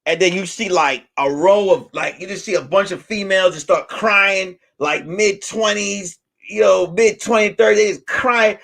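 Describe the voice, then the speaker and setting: A man hosting a live stream, telling stories in a loud, animated and profane way that breaks into shouts on punchlines. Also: high-pitched, moderate pace, gravelly, few pauses. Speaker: host. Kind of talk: casual live-stream storytelling.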